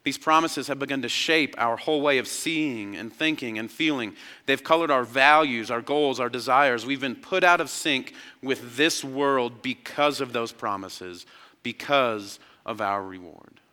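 A man in his thirties preaching a sermon, telling a personal story, swinging from excited emphasis down to quiet, hushed lines. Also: medium pitch, measured pace, in a large hall. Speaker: pastor.

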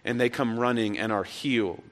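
A man's voice: medium pitch, fairly even intonation, moderate pace. A man preaching a sermon as pastor to a live congregation, impassioned and emphatic, repeating words as he builds. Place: church sanctuary, live congregation. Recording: echoey church hall.

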